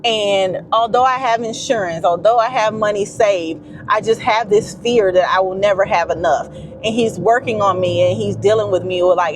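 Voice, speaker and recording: A woman's voice: mid-range voice, normal speed, music in the background. A woman vlogging casually from a car, talking to her viewers. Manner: chatty, animated, talks to viewers as y'all. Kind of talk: casual chat to camera. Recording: road noise in a car. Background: vehicle noise.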